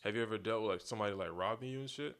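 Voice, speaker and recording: A man's voice: fairly low pitch, rapid-fire. A man hosting a podcast from his home studio, telling stories casually and acting out the voices of the people in them. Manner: animated storytelling, acts out quoted voices. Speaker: podcast host and photographer. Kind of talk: casual conversation.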